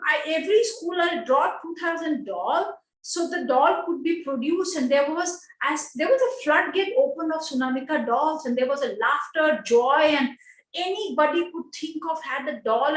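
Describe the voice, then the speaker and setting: A woman with a high voice tells a personal story in simple non-native English. She acts out the voices of the people in her anecdotes. The sound is roomy and echoey. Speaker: speaker at an online panel. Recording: echoey room.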